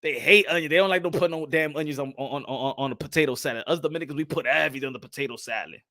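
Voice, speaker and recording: A man hosts a boxing talk stream in loose, animated chat. He laughs often and drifts in and out of Spanish. His voice sits high and bright, with a forceful edge. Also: racing, no room sound, studio quality. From New York City. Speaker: boxing channel host. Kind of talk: casual live-stream chat.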